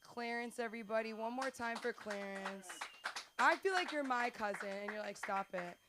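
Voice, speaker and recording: A woman's voice: a little high, normal speed, noisy background. A woman hosting an open mic comedy night, gushing with enthusiasm between acts. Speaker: host. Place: comedy club stage.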